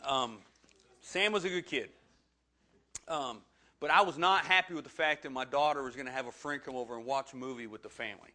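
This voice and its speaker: A man's voice: mid-range voice, brisk, pushed and bright. A man, preaching a sermon and telling a funny personal story with self-deprecating humor. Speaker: pastor.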